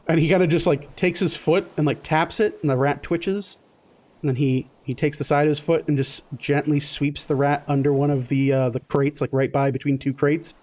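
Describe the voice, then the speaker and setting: A man running a tabletop game as game master, narrating in a loose, halting way full of fillers. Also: a little high, flat delivery, a little mellow.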